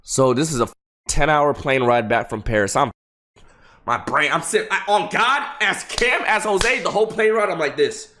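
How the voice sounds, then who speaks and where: His intonation lively, a young man tells his stream chat a rambling, expletive-heavy story with frequent halting restarts. He drops low and quiet, then rises loud and high.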